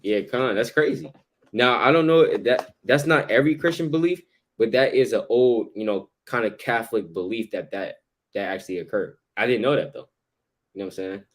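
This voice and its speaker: A man with a low voice talking through scripture in a loose, slangy way, laughing now and then. The chat is easygoing and conversational, like friends breaking down a chapter. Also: a little fast. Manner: casual, slangy, laughs often. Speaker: Bible study co-host. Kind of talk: casual religious discussion.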